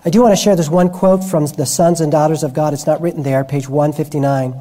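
A male preacher delivers a sermon in a warm, mellow voice. He talks in a storytelling way, often restarting and correcting himself mid-sentence as he goes. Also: on the high side, fairly even intonation, a little fast.

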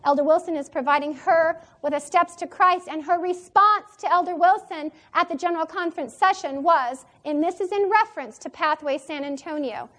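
A woman's voice: very high voice, normal speed, hardly any pauses, a bit bright. A woman giving an emphatic church training talk, repeating key phrases for stress. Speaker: church seminar presenter.

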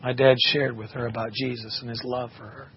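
A man's voice: medium pitch, little pitch movement, fairly quick, breathy edge. Earnest preaching man, muffled recording. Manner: earnest, impassioned storytelling. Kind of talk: sermon with personal testimony. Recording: muffled recording with faint background noise.

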